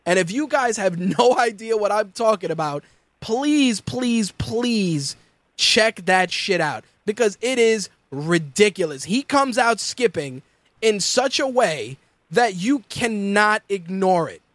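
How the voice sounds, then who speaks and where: Man, high voice, dry close sound, casual profane wrestling host, animated, mimics people. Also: measured pace, no echo. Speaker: podcast host.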